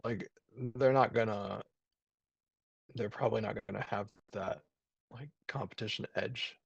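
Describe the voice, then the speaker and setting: A man's voice: on the low side, steady tone, a little slow, vocal fry, slightly rough, dry recording, highs cut off. A man, a jiu-jitsu brown belt, chatting casually over a video call, rambling with lots of fillers and restarts.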